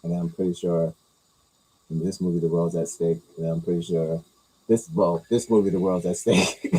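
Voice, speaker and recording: A man hosting a casual talk, rambling through movie news with crude jokes and mumbled low asides. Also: level tone, moderate pace, warm tone, slightly rough, low-quality recording. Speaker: host reacting to movie news. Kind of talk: casual chat.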